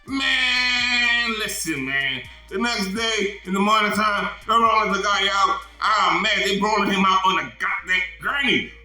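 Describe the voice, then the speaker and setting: Guy telling a story, high sharp voice, cussing a lot, says man a bunch, echoey room, bit of music. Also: a little slow, hardly any pauses. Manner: animated, profane, repeats "man" often. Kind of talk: casual storytelling.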